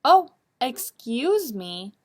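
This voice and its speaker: A woman voicing a sulky, hurt little male shadow in a storybook read-aloud, with a slow, plaintive delivery. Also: high-pitched, very animated, voice pushed up.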